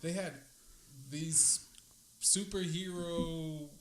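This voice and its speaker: A man co-hosting a podcast, chatting eagerly and nostalgically in quick bursts. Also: on the high side, fairly even intonation, roomy sound, background noise. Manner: enthusiastic, nostalgic, fast bursts. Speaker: podcast co-host. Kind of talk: casual chat.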